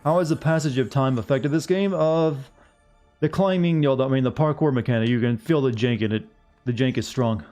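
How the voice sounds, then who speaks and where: Male game streamer, rambling jokey commentary, mid-pitched voice, faint music behind. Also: fairly quick, a little mellow. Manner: rambling, joking asides to chat. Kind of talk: casual gameplay commentary.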